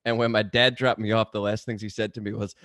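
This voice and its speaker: A man's voice: on the low side, little pitch movement, fast talker, a bit bright, dry recording, studio quality. A man on a radio show telling an amused, casual story. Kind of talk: casual studio banter.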